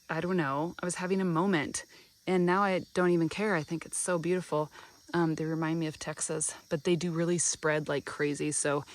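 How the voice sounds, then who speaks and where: A woman giving a casual, chatty walkthrough of her flower garden, gushing over the blooms and a little tired and out of breath after a long drive. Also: on the low side. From American Midwest. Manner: chatty, gushing about flowers, many ums. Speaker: garden vlogger. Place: outdoor garden on a summer evening. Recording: faint outdoor ambience with crickets.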